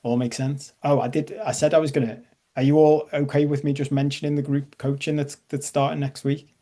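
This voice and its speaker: A man's voice: on the high side, level tone, brisk, warm tone. A man leading a live online coaching masterclass, chatty and self-deprecating, checking in with his audience. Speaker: life coach.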